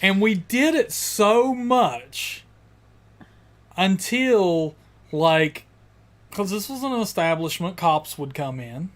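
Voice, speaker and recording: A man's voice: high-pitched, lively intonation, slow, a bit bright. Jokey man cracking crude banter. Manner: jokey and crude, breaks into impressions and laughter. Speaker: co-host of a horror podcast stream. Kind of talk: casual live-stream chat.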